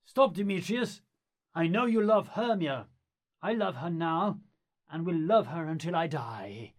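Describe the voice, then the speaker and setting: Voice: mid-range voice, expressive, unhurried. An actor playing Lysander, a fickle young nobleman who speaks bluntly and scornfully, in an amateur stage-play reading. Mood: earnest.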